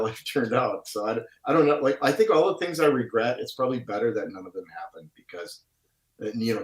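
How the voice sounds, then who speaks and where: A man with a Wisconsin accent talking reflectively and at length in a casual conversation, with drawn-out vowels. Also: lowish voice. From Wisconsin, USA. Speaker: guest artist. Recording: roomy echo.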